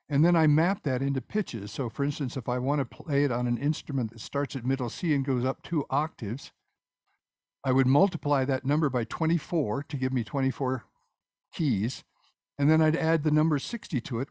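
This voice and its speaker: A man's voice: medium pitch, a little mellow, no room sound. An older male composer answers questions over a video call. He rambles and restarts his sentences often. The sound is dry, with no room around it. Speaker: guest speaker, composer. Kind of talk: casual presentation and Q&A.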